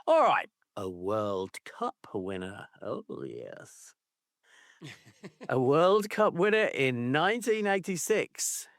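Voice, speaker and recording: A man's voice: mid-range voice, huge pitch swings, slow, dry recording, clean studio sound. A man co-hosting a casual football podcast, ranting playfully and swearing freely. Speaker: podcast co-host.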